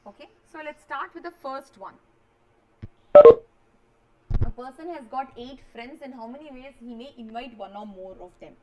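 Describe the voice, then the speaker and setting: A woman's voice: sits high, unhurried, pauses often, warm tone, rough recording. A woman, teaching a maths revision lecture and walking students through each step, often checking they follow. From India.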